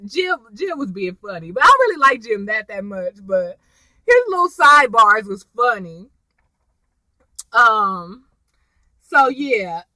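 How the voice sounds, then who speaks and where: A woman casually recapping a TV episode, acting out the characters' lines in a lively, chatty way. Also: a little high, no room sound, poor audio. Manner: animated, acts out characters' lines. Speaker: TV episode reviewer.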